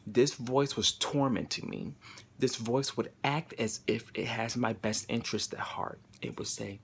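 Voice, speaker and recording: A young man talks straight into his camera in a confessional vlog. He speaks at a middle pitch, emphatic and heavily profane, and he stumbles over repeated words when he gets worked up. There is faint ambient noise behind him. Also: measured pace, gravelly. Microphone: camera mic.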